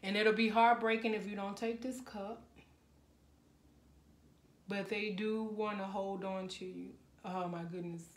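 A woman reads tarot cards for her viewers in a loose, chatty way. She gets emotional and keeps breaking into exclamations. Her voice sits at a middle pitch and echoes around the room. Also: fairly even intonation, unhurried, long pauses. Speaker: tarot reader. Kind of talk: casual tarot reading to camera.

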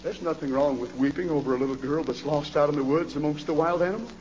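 A male preacher delivering a fiery revival sermon in a church, swinging from hushed pleading to hollering. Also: fairly high pitch, fast, a little hiss or hum. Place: church sanctuary. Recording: dull, reverberant old church recording.

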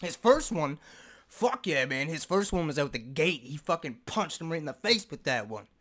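A man hosting a reaction video, talking in an excitable, loud way with lots of swearing. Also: fairly high pitch, normal speed. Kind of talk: casual reaction commentary.

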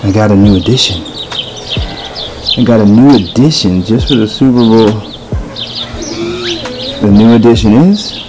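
A man's voice: on the low side, measured pace, long pauses, background noise. A man who runs a dog kennel, chatting casually for a vlog in his yard, rambling and correcting himself as he goes. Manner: rambling, self-correcting, talks baby talk to his dogs. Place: outdoors in a yard.

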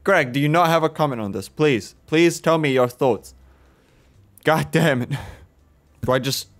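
A man playing a horror game on his channel, reading its text aloud and reacting with swearing and jokes. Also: mid-range voice. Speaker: gaming video host. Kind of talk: casual horror game commentary.

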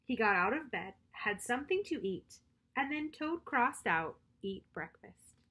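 A woman reads a bedtime story aloud to children, talking straight to them in a friendly way. Her voice sits a little on the high side. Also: sing-song, a little slow, bright, forceful tone, breathy edge. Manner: friendly, speaks directly to young listeners.

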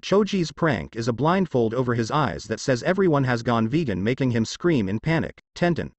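Guy narrating fanfic, bouncy pitch, dry close mic. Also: sing-song, normal speed, dry recording. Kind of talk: reading fan fiction aloud.

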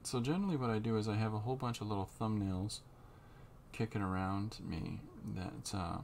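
A man talking through a drawing tutorial as he works, unhurried and halting, thinking aloud. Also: fairly low pitch, gravelly, darkish tone, slight background noise. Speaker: comic artist drawing on camera.

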